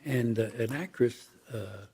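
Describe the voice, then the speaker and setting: An older man with a husky, mellow voice tells long, winding anecdotes as an interview guest. He slips into the voices of the people he quotes as he goes. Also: medium pitch, measured pace. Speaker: actor guest. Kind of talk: storytelling interview.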